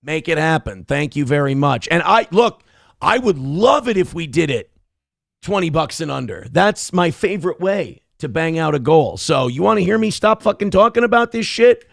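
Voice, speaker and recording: A young man hosting a live show, reading donation messages and ranting with heavy swearing in fast, heated bursts. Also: on the high side, sing-song, gravelly, dry recording, studio quality. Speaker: livestream show host. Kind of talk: profane political rant and chat reading.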